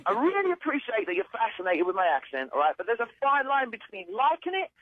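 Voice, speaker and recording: A man's voice: very high-pitched, very animated, fast, no room sound. An irritated British man heard over a tinny phone line, his voice swinging widely up and down as he loses patience. He swears and cuts in, pushing to get his way. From Britain. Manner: exasperated, swearing, impatient. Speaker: prank call target. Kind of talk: phone conversation.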